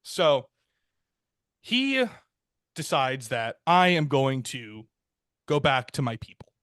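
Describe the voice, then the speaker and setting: A man co-hosting a podcast, casually retelling a history story in a rambling, laid-back way, often saying "um" and "like" and jumping his pitch to act out the people in it. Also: very animated, takes it slowly, fairly bright tone, clean tone, dry recording, studio quality. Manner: acts out quoted characters with jumps in pitch. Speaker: podcast co-host.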